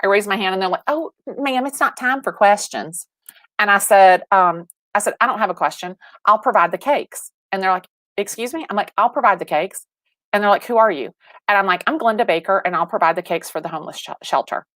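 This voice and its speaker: Animated woman telling stories on a call. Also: mid-range voice, fast, dry recording. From Atlanta, Georgia. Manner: animated storyteller, acts out quoted dialogue, many restarts. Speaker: real estate agent, guest. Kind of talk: livestream interview storytelling.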